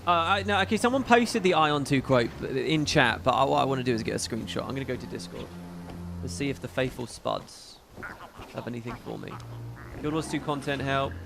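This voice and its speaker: A man's voice: mid-range voice, brisk, creaky, over music. A man hosting a casual livestream, chatting in a rambling, profane way with frequent asides. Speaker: livestream host.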